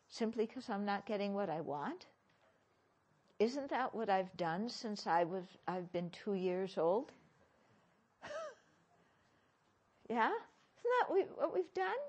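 A woman teaching as a Buddhist teacher in a dharma talk, questioning her listeners with gentle humor. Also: mid-range voice.

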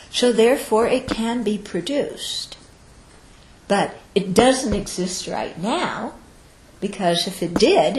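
A woman giving a Buddhist teaching to students, explaining step by step and often checking in with "okay?". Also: medium pitch. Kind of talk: dharma talk to students. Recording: roomy echo.

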